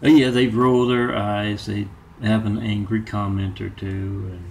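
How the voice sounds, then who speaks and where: A man talking in a rambling monologue of his own, halting and meandering with many filler pauses. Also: on the low side, flat delivery, gravelly, a little mellow, a little hiss or hum. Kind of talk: rambling self-made monologue.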